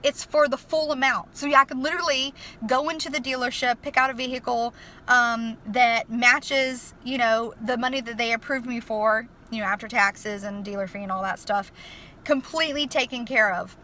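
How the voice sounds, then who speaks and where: A woman's voice: on the high side, fairly even intonation, normal speed, pushed and bright, a little hiss or hum. A young woman telling a story in a casual vlog, chatty and emotional, with lots of fillers. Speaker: vlogger. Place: inside a car.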